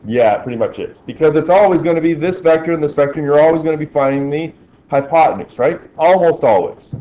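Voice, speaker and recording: A man's voice: fairly high pitch, fast talker, lo-fi sound. A male teacher in a classroom, talking through problems and asking the class questions as he works. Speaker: physics teacher.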